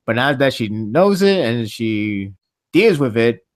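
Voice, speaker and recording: A man's voice: medium pitch, measured pace, no echo. Rambling man on a dry-mic podcast. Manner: rambling, animated, laughs often. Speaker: podcast host. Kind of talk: casual podcast chat.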